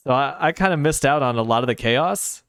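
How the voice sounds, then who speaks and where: A man's voice: medium pitch, lively intonation, brisk, fairly bright tone, clear, resonant tone, no echo, studio quality. Sleepy, wry male game streamer. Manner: rambling, wry and sarcastic asides. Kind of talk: casual chat while gaming, answering chat.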